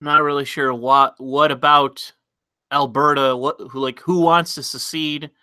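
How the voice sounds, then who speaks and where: A man's voice: on the high side, steady tone, unhurried, sharp tone, clear, resonant tone, dry recording. A man hosting a casual livestream, reading chat messages aloud and commenting bluntly, with frequent fillers and restarts.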